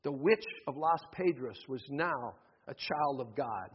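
A pastor reading a heartfelt testimony aloud in soft, hushed tones, then preaching with emphasis in a church. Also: male voice, mid-range voice, lively intonation, measured pace, slightly rough. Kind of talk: sermon with read-aloud testimony. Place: church sanctuary. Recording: dull recording with long church reverb.

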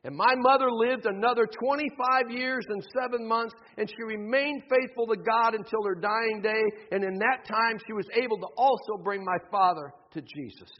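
A pastor reading a heartfelt testimony aloud in soft, hushed tones, then preaching with emphasis in a church. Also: male voice, high-pitched, moderate pace, few pauses. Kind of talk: sermon with read-aloud testimony. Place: church sanctuary. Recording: dull recording with long church reverb.

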